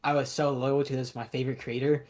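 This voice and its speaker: A man's voice: mid-range voice, little pitch movement, quick pace, darkish tone. A young man on a voice call, chatting bluntly and skeptically. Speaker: guest on a call. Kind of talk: casual chat on a voice call.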